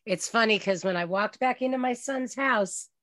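A woman's voice: on the high side, normal speed, a bit bright, no echo, clean studio sound. A woman radio host in a casual interview, chatty and sharing family stories. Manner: chatty, shares stories about her sons.

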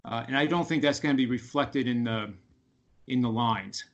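A man's voice: mid-range voice, muffled recording. A man talking as a guest sports betting analyst on a radio podcast, with lots of fillers and restarts. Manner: halting, many fillers and restarts. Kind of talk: casual radio talk.

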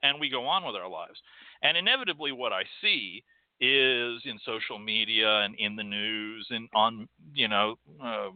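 A show host from Texas, with a fairly low voice and moderate pace, delivers a sarcastic ranting monologue full of swearing. He's profane and animated, and the echo-free recording has a tinny, phone-like sound.

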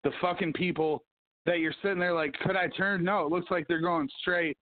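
A man's voice: fairly high pitch, steady tone, fairly quick, dry recording. A man hosting a casual livestream podcast, ranting and swearing as he reads the news and the comments. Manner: profane, ranting, hums to himself. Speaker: podcast host. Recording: tinny phone-like sound.

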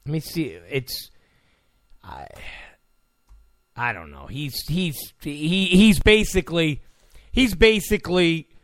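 A man's voice: fairly high pitch, fairly bright tone, no room sound, studio quality. A man hosting a political commentary show, delivering a combative rant and repeating phrases for emphasis. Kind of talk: ranting political monologue.

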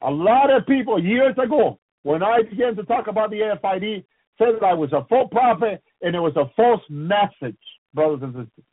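A man preaches a fervent, repetitive sermon in a husky, high-pitched voice. He keeps circling back to prayerful refrains, and the sound is dry and narrow, like a phone line on the radio. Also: lively intonation, fairly quick, dry recording. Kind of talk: impassioned sermon on a radio program.

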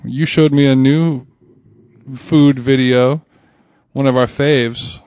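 A man's voice: mid-range voice, fairly even intonation, slow pace, darkish tone, clear, resonant tone, no room sound. A man hosting a casual food podcast, rambling and laughing often as he talks. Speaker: podcast host. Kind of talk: casual chat.

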